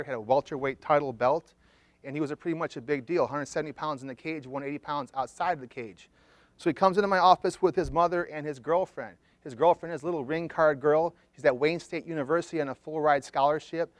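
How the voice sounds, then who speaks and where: A middle-aged male therapist speaks to an audience in a slightly high voice, telling a case story and playing each character's lines with lively shifts. The sound is dry and close, with no room echo. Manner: animated storyteller, acting out quoted dialogue. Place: conference room.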